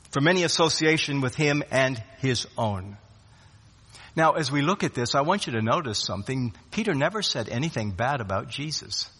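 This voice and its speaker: Brief: male preacher, higher, forceful husky voice, dramatic loud-to-hushed delivery, long reverb of a hall. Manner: dramatic swings between loud rises and hushed drops; repeats words when restarting phrases. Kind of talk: sermon.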